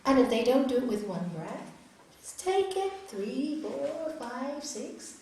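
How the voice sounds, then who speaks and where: A middle-aged woman giving an earnest, expressive spiritual talk as a raja yoga teacher to an audience in a hall. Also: high-pitched, slow pace. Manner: earnest, expressive, acts out quotes. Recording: echoey hall, distant mic, faint noise.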